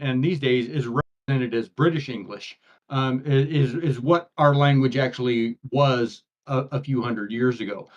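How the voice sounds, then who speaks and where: A man, co-hosting a casual chat and rambling through restarts and fillers. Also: medium pitch. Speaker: podcast co-host. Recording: dull lo-fi audio.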